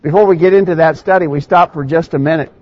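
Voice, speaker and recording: A man's voice: on the high side, fast. A man preaching a Sunday morning sermon in a plain conversational way, with a dry ironic opening and scripture read aloud, in a church sanctuary. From Middle Tennessee. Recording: dull lo-fi church recording.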